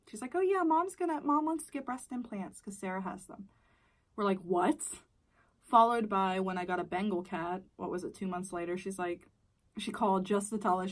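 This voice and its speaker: A woman's voice: fairly low pitch, distant mic. A young adult woman telling a personal story in a casual storytime vlog, candid and swearing, sometimes dropping into a whisper. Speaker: vlogger.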